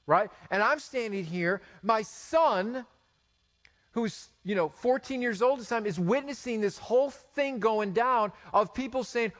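High-voiced man preaching a sermon. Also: normal speed. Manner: animated, stammering restarts, rhetorical questions. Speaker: pastor.

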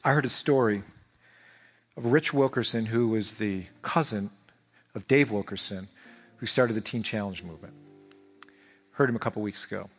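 A man preaching a sermon as pastor, emphatic and repetitive, swinging between fervent and hushed. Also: on the low side, moderate pace, long pauses, husky, in a large hall, soft background music. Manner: repeats phrases for emphasis. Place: church sanctuary.

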